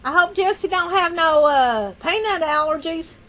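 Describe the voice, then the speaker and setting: A woman's voice: very high-pitched, measured pace, a bit bright. A woman chatting casually with viewers on a livestream from home, rambling and folksy. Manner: rambling, folksy, laughs often. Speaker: livestream host.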